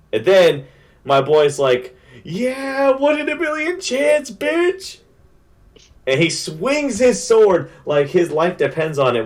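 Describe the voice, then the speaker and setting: Excited, slangy young man. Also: mid-range voice. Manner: excited, slangy, full of fillers. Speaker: anime reviewer. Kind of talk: casual spoiler recap.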